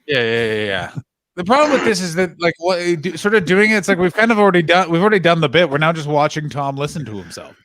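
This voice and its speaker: A man hosting a casual comedy podcast, teasing his guests and quick to laugh. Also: on the high side, sing-song, fairly bright tone, no room sound, clean studio sound. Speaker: podcast host.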